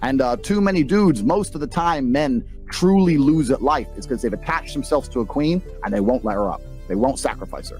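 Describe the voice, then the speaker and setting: A British-accented man appears as a guest on a podcast, spinning cocky, foul-mouthed tales with plenty of energy. He has a mid-range voice and speaks a little fast with few pauses, while faint music plays behind him.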